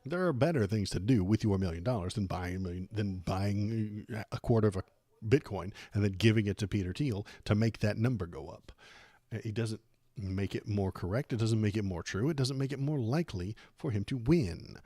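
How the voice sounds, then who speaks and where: A man's voice: on the low side, normal speed, mellow, no echo. A man hosting a political livestream, giving sarcastic, exasperated commentary.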